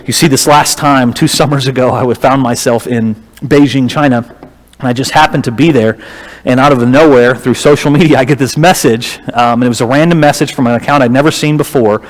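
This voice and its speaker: A man telling a story as a church lecturer, with a humorous, lively manner. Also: mid-range voice, fairly quick. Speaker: guest lecturer. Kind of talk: storytelling sermon. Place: church auditorium. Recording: reverberant hall.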